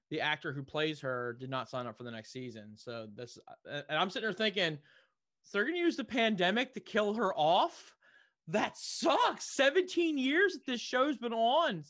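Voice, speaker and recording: A man co-hosting a casual podcast chat, laid-back and quick to laugh. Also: a little high, animated, a bit bright.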